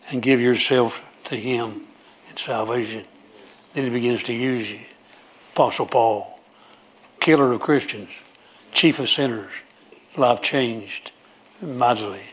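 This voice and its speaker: A man preaching a sermon, emphatic and repetitive as he pleads with his congregation. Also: mid-range voice.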